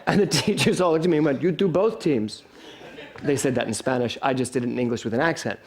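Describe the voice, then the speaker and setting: A male pastor telling a lively, self-deprecating story to his congregation during a sermon, chuckling along the way. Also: mid-range voice, rapid-fire. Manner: animated, self-deprecating humor, chuckles often. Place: spiritual center sanctuary.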